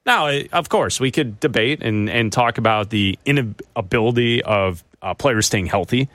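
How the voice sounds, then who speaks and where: Guy hosting sports talk radio, regular pitch, dry close sound. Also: normal speed, a bit bright, dry recording. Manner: conversational, takes callers.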